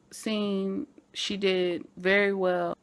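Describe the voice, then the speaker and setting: Chatty woman doing an animated recap. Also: mid-range voice. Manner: animated and chatty, talks straight to fans. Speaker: TV show reviewer. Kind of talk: casual episode recap vlog.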